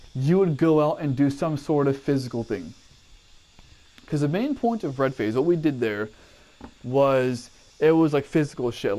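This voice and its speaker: An army veteran talks casually to camera about his training days, cursing freely and wandering onto tangents in a rambling way. His voice is mid-range and a little mellow.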